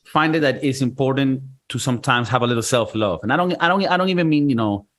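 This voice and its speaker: A man's voice: medium pitch, quick pace, a bit bright. A man hosting a casual podcast, talking loosely and profanely and slipping into goofy voices. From Venezuela. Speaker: podcast host.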